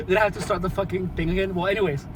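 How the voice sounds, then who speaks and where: A man's voice: high voice, fairly even intonation, rapid-fire, background noise. A man talking casually as a vlogger, giving advice in a rambling way with many restarts.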